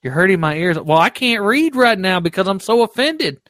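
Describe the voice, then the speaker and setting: A man hosts a casual live show with his friends. His voice sits somewhat high and sounds dry and close to the mic. He teases the others and plays at being offended, laughing a lot. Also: big pitch swings, normal speed, fairly bright tone, no echo. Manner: teasing, mock-offended, laughs often. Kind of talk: casual joking chat.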